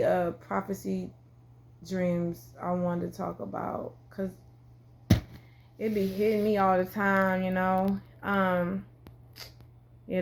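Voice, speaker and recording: A woman casually telling a story to her viewers, full of "like" and slang, acting out the quoted lines in a jumpy, lively way. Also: noisy background. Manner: animated, acts out quoted dialogue with big pitch jumps; heavy filler "like", loose slangy phrasing. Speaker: vlogger.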